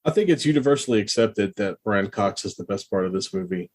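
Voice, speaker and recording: A man co-hosting a film podcast with a lowish, husky voice, casually passing on background trivia. He pauses now and then with small fillers as he explains. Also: animated, a little mellow. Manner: informative, shares trivia with some hesitation. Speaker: podcast co-host.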